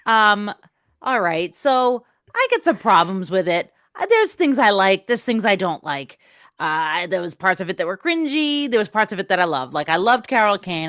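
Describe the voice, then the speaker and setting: A woman's voice: medium pitch, fairly bright tone, dry recording, clean studio sound. A woman co-hosting a casual movie review podcast, chatty and easygoing. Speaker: podcast co-host.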